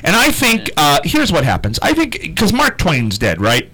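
Sarcastic male radio host, lively voice. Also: on the high side, moderate pace, rough recording. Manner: dry sarcastic teasing. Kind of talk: teasing on-air banter.

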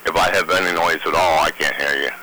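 A man's voice: very deep voice, steady tone, quick pace, over a noisy crowd, low-quality recording. A man calling in to a radio show, talking plainly and matter-of-factly. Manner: plain, matter-of-fact complaining. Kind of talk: phone call-in chat.

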